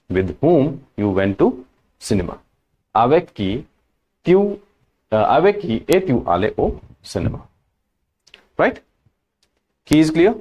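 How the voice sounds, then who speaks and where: Slow, lively-pitched man teaching French. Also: lo-fi sound. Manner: slow, patient, repeats each word and example. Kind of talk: language lesson.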